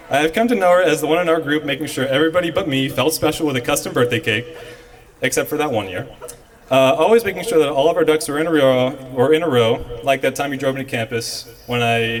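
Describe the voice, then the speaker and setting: Guy doing a jokey toast, a bit high, sounds far off from the mic. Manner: wry, self-deprecating jokes. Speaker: friend giving a toast. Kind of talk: humorous prepared toast. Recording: voice from a distant mic.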